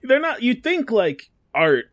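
A man's voice: extremely high pitch, big pitch swings, measured pace, fairly bright tone. A man co-hosting a podcast in casual chat, telling rambling stories full of fillers and restarts. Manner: rambling, filler-heavy storytelling. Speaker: podcast co-host.

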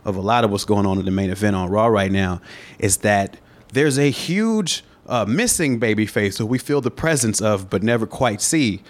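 A man co-hosting a wrestling podcast, giving measured, thoughtful analysis in casual chat. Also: lowish voice, expressive. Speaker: podcast co-host.

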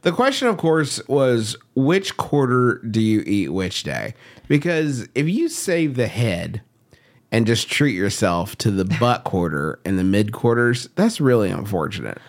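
A man's voice: mid-range voice, big pitch swings, measured pace. A man co-hosting a podcast in casual chat, tossing in dry wisecracks. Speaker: podcast co-host.

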